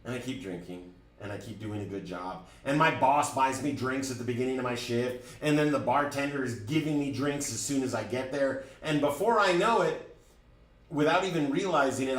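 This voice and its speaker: Candid man telling a story in a roomy room. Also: medium pitch. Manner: candid, animated storytelling with many restarts. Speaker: driving school instructor. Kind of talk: classroom talk with personal story. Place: classroom. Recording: roomy, from a distance.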